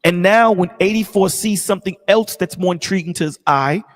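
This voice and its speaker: A man's voice: sits high, fairly quick, in a large hall. A man in a casual discussion, talking emphatically and repeating his points like a preacher. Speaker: stream co-host.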